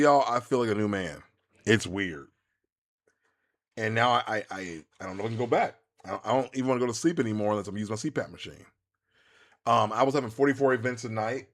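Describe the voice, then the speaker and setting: A man, chatting casually to viewers while streaming a game, rambling and animated with many restarts. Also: fairly low pitch. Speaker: gaming streamer. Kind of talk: casual live-stream chat while playing.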